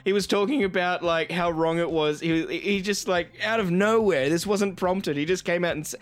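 A man's voice: sits high, moderate pace. A man co-hosting a casual podcast, teasing his friend and laughing often. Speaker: podcast co-host. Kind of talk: casual banter.

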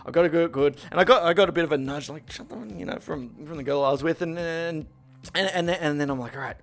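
Casual co-host: gravelly young man, slightly high voice, animated swearing storyteller. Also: fast talker. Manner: animated, swearing, laughs through his stories.

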